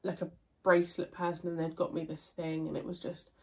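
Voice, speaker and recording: A woman's voice: lowish voice, completely flat delivery, a little fast. Chatty congested young woman. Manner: chatty, rambling, with fillers and self-corrections. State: congested, nasal. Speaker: YouTuber answering viewer questions. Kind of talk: casual Q&A chat.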